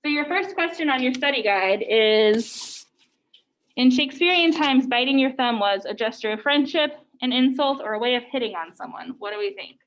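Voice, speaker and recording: High-voiced woman teacher in echoey classroom. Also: expressive, moderate pace, a bit bright. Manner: casual, says "like" often. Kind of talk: classroom lecture. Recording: echoey room, distant mic, muffled.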